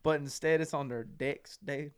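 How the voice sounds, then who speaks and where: A man's voice: on the high side, fairly even intonation, normal speed, clear, resonant tone, pitched below the performer's own voice, close to an everyday voice. A man hosting a podcast, putting on a dopey, drawling dude character who ends every phrase with "dude". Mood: goofy. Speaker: podcast host.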